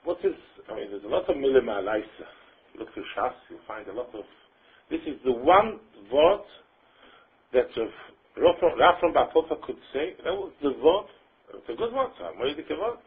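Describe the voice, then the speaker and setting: A man's voice: medium pitch, very animated, normal speed, slightly rough. A man giving a Talmud lecture, chanting the quoted texts in a sing-song tune. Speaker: Torah lecturer. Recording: tinny phone-line recording.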